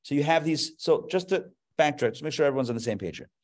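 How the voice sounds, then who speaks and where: A man, a rabbi, giving a live class to an audience, explaining terms step by step and growing animated as he goes. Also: on the high side, fast talker.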